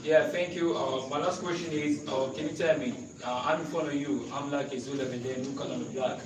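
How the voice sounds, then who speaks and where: A man's voice: mid-range voice, fairly even intonation, fairly quick. A man on a panel asking a student questions in a hesitant, rambling way with many fillers. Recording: far-off echoey room with background noise.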